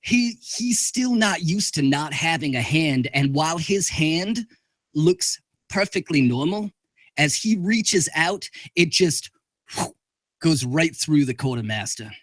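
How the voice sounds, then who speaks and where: A man's voice: a little high, expressive, slow, no echo, studio quality. Swearing, jokey man at the game table. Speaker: player. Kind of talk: casual tabletop game chat.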